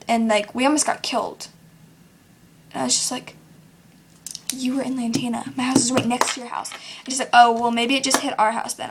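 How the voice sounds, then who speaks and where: A teenage girl ranting casually to camera in a vlog, full of "like" and quick quoted voices of other people. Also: high-pitched, slight background noise. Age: teens. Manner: chatty, lots of "like", acts out others in quotes. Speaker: vlogger.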